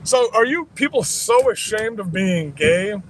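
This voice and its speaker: A man's voice: high-pitched, animated, unhurried, low-quality recording. A man livestreaming outdoors, ranting in a profane, combative and rambling way. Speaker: livestreamer at a rally counter-protest. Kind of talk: casual livestream rant. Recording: outdoor street noise with traffic.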